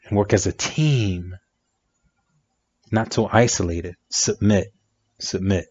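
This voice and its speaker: A man's voice: on the low side, slow, long pauses, a little mellow, slightly rough. A man giving relationship advice in a reflective monologue, emphatic and repeating phrases for effect. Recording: dry, dull lo-fi sound.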